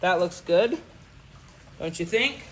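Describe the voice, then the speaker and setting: A man's voice: sits high, animated, slow pace, a bit bright, slight background noise, rough recording. Rambling young man building a rocket. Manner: rambling, full of "you know" fillers and restarts. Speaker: livestream hobby rocket builder. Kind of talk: casual livestream narration while working.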